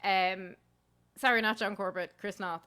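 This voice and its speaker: A woman's voice: medium pitch, fairly even intonation, a little slow, bright, forceful tone, clean tone. A woman, hosting a casual podcast chat and laughing often. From Ireland. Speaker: podcast host.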